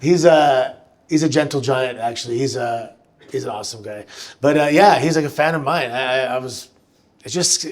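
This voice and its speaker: A man answering fan questions at a live show, telling animated stories with frequent restarts. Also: mid-range voice, normal speed. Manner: animated, chatty storyteller who restarts sentences. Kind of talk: live on-stage storytelling Q&A. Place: live show venue with audience.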